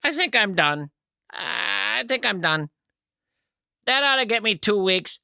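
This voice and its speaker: A man's voice: high-pitched, sing-song, slow pace, creaky, bright, forceful tone, clear, resonant tone, dry recording, studio quality, pitched above the performer's own voice, exaggerated voice. A man voicing a clueless traveler who thinks two German words will get him through a trip, in a smug sing-song tone. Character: clueless middle-aged man cramming German on a plane.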